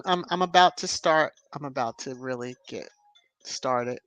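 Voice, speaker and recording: A woman hosts a relaxed livestream, reading viewers' comments and adding sassy, chatty remarks. She punctuates her talk with knowing hums and easy laughter. The sound is dry and close, with no room echo. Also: deep voice, a little slow. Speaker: livestream host.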